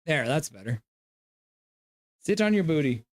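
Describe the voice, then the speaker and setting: A man's voice: on the high side, big pitch swings, a little slow. A man hosting a live stream. He reads viewer comments aloud, gives loose play-by-play, and coos at his dog. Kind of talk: casual live game reaction and chat reading.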